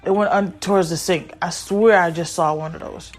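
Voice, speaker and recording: A woman's voice: fairly low pitch, fairly even intonation, moderate pace. A woman hosting her own podcast from home, chatting casually and bluntly to viewers while looking after her kids and getting sidetracked. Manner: rambling, blunt, easily sidetracked. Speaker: podcast host and mother.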